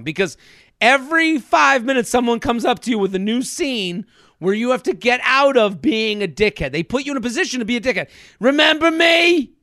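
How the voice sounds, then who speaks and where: Male comedy podcast host, animated storyteller, bright tone and dry close sound. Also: high voice, no room sound. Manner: animated storyteller, acts out quotes.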